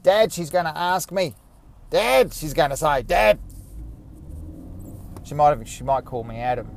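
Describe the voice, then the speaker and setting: A man's voice: fairly high pitch, normal speed, gravelly, a little hiss or hum. A man hosting his own podcast, chatting casually in a rambling, self-mocking way. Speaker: podcast host. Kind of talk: casual solo podcast monologue.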